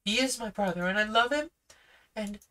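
A storybook reader voicing a bold, excited young girl with an eager, sing-song delivery. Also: mid-range voice, normal speed, recorded from a distance, pitched above the performer's own voice, natural voice.

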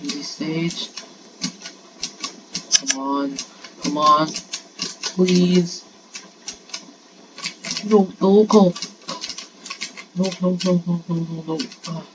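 A woman narrating her own gameplay in an excitable, frantic way, piling up repeated pleas and urgings. Her voice sits low and her pace is unhurried. The recording is dull and lo-fi, with clear noise underneath. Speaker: gaming channel host. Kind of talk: live gameplay commentary.

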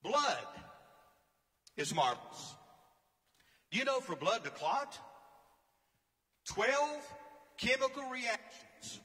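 Bright-voiced preacher man in a reverberant hall. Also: very high-pitched, very animated, slow, long pauses. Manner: storytelling, emphatic, preacherly. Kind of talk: sermon. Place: church or conference hall.

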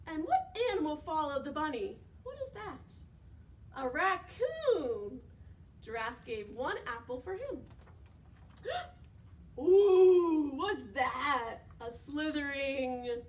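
A woman's voice: high voice, slow, distant mic, slight background noise. A young woman leading preschool storytime, singing action songs and reading a picture book aloud with gasps and questions for the children. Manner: animated, sing-song, with gasps and questions to children. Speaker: children's librarian.

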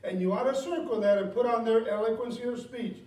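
A man's voice: very high-pitched, a little fast, warm tone. Guy preaching in church, chatty, laughs a lot, echoey hall sound. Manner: conversational preaching, reads scripture aloud, asks the congregation questions; chuckles often, many fillers and self-corrections. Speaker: pastor. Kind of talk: sermon. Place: church sanctuary. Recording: echoey room, voice from a distance.

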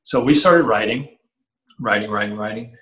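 Heard with a roomy echo, a middle-aged guitarist tells stories as an interview guest in a lowish voice at normal speed. He animatedly performs the quotes and curses freely throughout.

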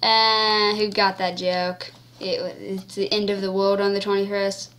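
A woman giving casual, goofy gameplay commentary, cracking jokes and talking playfully in a drawn-out way. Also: medium pitch, flat delivery, fairly bright tone.

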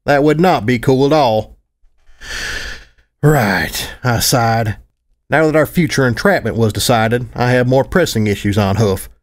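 A man's voice: mid-range voice, fairly quick. Male fan audiobook narrator, wry. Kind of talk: first-person fan fiction audiobook narration.

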